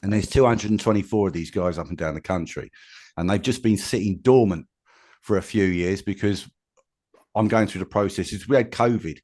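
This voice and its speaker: Plain-spoken man, low voice. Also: normal speed, darkish tone. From England. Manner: plain-spoken, rambling with many restarts. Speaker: inventor guest. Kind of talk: casual interview chat.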